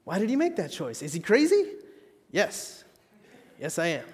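A man preaching a sermon with measured, dramatic pauses and bits of self-mocking humor. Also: high-pitched, wildly swooping pitch, breathy edge, in a large hall. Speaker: pastor.

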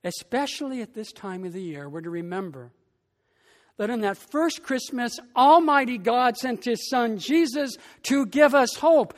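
Slow, deliberate preacher in a reverberant church. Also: mid-range voice, expressive. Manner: slow, deliberate delivery with emphatic rises on key phrases. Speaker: pastor. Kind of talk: sermon.

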